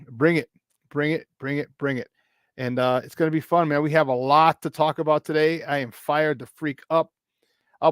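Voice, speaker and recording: A man hosting a morning sports talk show, loud, hyped up and playful as he talks to viewers. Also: on the high side, no echo, clean studio sound.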